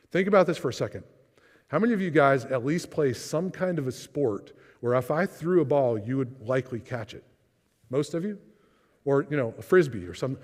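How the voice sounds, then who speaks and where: Man teaching on trauma in a reverberant hall. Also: medium pitch. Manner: conversational, plays out inner voices in quotes. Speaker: speaker on trauma. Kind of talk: church seminar talk. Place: church hall.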